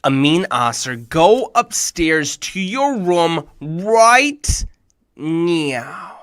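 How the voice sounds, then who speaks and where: A firm, stern father speaking to his young son in a children's story, his voice deep and unhurried, as the storyteller puts him on. He sounds deliberate and in charge. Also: very animated, fairly bright tone, smooth, no echo, clean studio sound, heavily acted.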